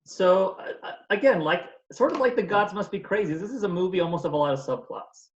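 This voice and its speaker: A man's voice: high-pitched, a little fast, reverberant, highs cut off, a little hiss or hum. A man co-hosting a casual movie review podcast, retelling scenes and acting out the characters' lines. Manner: chatty, retells scenes with little voices. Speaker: podcast co-host.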